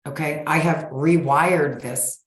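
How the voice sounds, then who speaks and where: A woman in her forties talking as a guest expert in a casual interview, in a blunt, folksy and energetic way. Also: low-pitched, slow pace. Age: 40s. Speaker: guest expert on sugar cravings. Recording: roomy echo.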